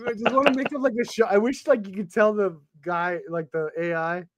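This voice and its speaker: A man's voice: high-pitched, lively intonation, a little fast, no echo. A man hosting a casual stream chat, laughing and swearing as he makes up rhyming lyrics on the spot. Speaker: host. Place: live stream call with chat.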